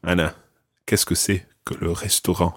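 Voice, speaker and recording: A man hosting a language-learning podcast, teaching patiently and modelling words clearly for the listener. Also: deep voice, little pitch movement, normal speed, a bit bright, no echo, clean studio sound. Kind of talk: language lesson with an ad read.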